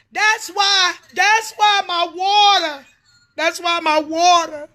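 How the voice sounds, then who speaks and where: Fiery middle-aged woman preacher, bright and high, cussing in a livestream rant. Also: fairly even intonation, takes it slowly. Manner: profane, confrontational, preacher-like cadence. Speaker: prophetess.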